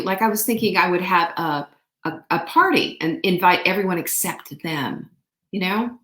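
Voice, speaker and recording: A woman hosting a casual motivational talk, telling a story in an animated way and acting out quotes. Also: fairly low pitch, moderate pace, roomy sound. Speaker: host.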